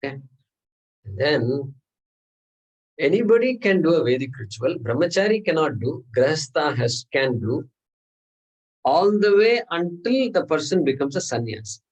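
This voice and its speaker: Husky-voiced man teaching a class. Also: fairly high pitch, big pitch swings, a little slow, long pauses, poor audio. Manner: explanatory, checks in often with "okay?"; rhetorical questions to the class. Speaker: scripture teacher. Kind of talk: classroom lecture. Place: class room.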